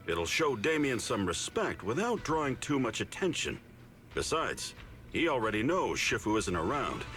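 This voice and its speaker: A shrewd, confident senior disciple. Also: male voice, on the low side, fairly bright tone. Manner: assured, persuasive. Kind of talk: game voice acting.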